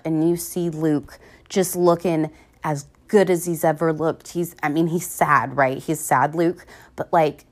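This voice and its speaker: A woman hosting a podcast, chatting casually and rambling about a film, swearing often and jumping between excited squeals and hushed whispers. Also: lowish voice. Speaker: podcast host. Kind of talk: casual movie review chat.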